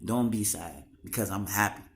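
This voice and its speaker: A man's voice: on the low side, moderate pace, creaky, fairly bright tone, a little hiss or hum. A young man talking straight to the camera in a raw, emotional monologue, slangy and full of swearing.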